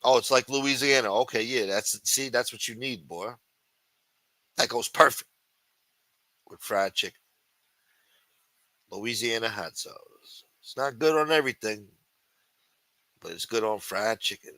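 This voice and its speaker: A medium-pitched man speaks at a measured pace and pauses often, recorded dry. As a livestream host, he delivers a profane live chat rant, swearing constantly and loudly taunting, then muttering as he answers the chat, swinging between the two.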